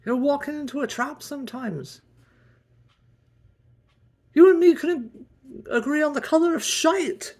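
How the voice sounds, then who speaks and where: A man voicing a cranky, bickering young woman who scolds and insults in a shrill voice. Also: expressive, a little slow, long pauses, a little mellow. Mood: scolding.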